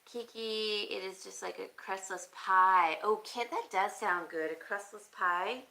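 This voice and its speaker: A woman hosting a casual live stream, chatting and reading viewer comments aloud, thinking out loud with frequent pauses and fillers. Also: mid-range voice, vocal fry, poor audio. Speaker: crafting channel host.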